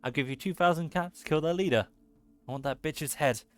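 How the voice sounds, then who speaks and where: A man's voice: fairly high pitch, fairly quick, no echo, close to an everyday voice. A man voicing a grieving, vengeful male town leader in a video game, speaking bitterly and hard.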